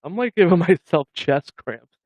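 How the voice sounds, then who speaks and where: A man's voice: on the high side, lively intonation, measured pace, darkish tone, no echo, highs cut off. A man hosting a casual livestream, joking with viewers and laughing often. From Massachusetts. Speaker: livestream host.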